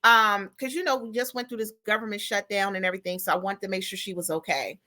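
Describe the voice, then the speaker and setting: Talking fast in a mid-range voice, this middle-aged podcast co-host shares stories in a relaxed chat and brings them to life by impersonating callers and others she mentions.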